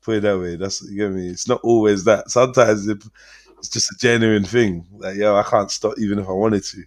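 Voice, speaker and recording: A man hosting a casual livestream panel chat, slangy and animated, quick to laugh. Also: fairly low pitch. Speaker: livestream host.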